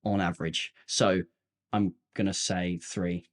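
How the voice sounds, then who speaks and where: A man's voice: low voice, a little slow. A man co-hosting a podcast in casual, playful chat, cursing now and then when a game goes wrong. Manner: animated, playful, swears when frustrated. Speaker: podcast co-host.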